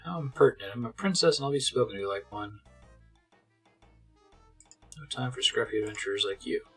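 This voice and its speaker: A man's voice: medium pitch, lively intonation, fairly quick, fairly bright tone, breathy edge, soft background music. A man reading as a haughty princess. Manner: snooty. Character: haughty rude young princess.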